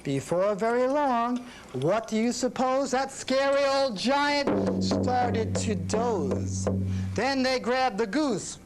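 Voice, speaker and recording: Male music teacher reading a children's rhyme, slow, very lively pitch. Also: rough recording. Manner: sing-song rhyming, slow. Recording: reading with instruments playing.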